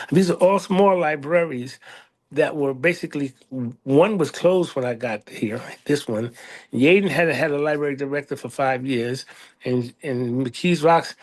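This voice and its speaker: A middle-aged American man telling a story in a casual interview, animated, acting out other people in a raised voice. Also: mid-range voice. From United States. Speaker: librarian, interview guest.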